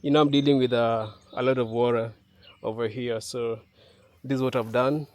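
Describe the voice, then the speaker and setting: A man talking casually to his camera in an outdoor yard, halting with many fillers. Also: medium pitch, fairly even intonation, no room sound. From Kenya. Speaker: vlogger. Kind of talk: casual vlog talk to camera.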